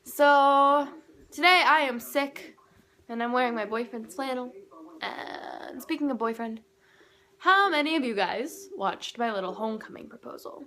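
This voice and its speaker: A woman's voice: high voice, unhurried, bright, forceful tone. Chatty teenage girl vlogging from home. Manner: chatty, acts out quoted dialogue. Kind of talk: casual storytelling to camera.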